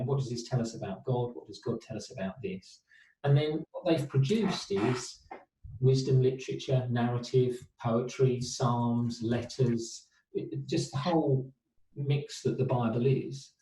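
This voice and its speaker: A man speaking as a therapist in an interview, mulling ideas aloud and posing rhetorical questions. His voice is mellow and dark, and it sits back from the mic in a roomy, echoing space. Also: mid-range voice, far from the mic. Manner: thoughtful, talks in long reflective runs with rhetorical questions. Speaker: therapist and trauma specialist, interview guest. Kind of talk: reflective interview answer.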